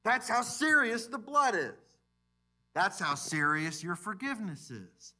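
A man preaching a sermon as pastor in a church, animated, swinging between loud emphasis and quiet asides. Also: sits high, unhurried. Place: church sanctuary.

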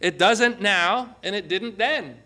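A man's voice: high voice, takes it slowly. A man preaching a sermon, telling a story vividly and drawing his listeners in with questions. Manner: animated storytelling with vivid dramatizing. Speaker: pastor.

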